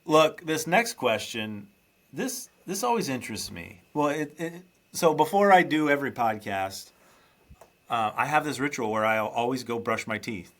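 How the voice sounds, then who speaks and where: A man's voice: medium pitch, lively intonation, moderate pace, a bit bright. A man hosting a podcast, chatting loosely and teasing his guest. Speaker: podcast host. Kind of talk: casual interview chat.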